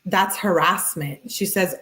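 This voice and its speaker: A woman commentating on a true-crime case, reading a couple's text messages aloud in a brisk, matter-of-fact way and tagging each one with who sent it. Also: lowish voice, sharp tone. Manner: talks directly to viewers in chat.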